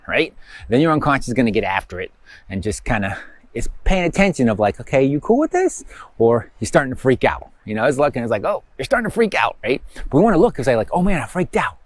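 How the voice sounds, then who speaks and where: A man's voice: medium pitch, darkish tone, dry recording. Male course instructor, casual rambling coach, mid-range voice, dry close recording. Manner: rambling, conversational, full of fillers and rhetorical questions. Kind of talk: casual spoken coaching lesson.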